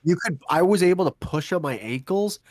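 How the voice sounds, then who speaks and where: A man's voice: sits high, brisk, dry recording. Young male podcast co-host, casual storyteller, acts out dialogue, dry close mic. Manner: animated storyteller acting out quotes, swearing.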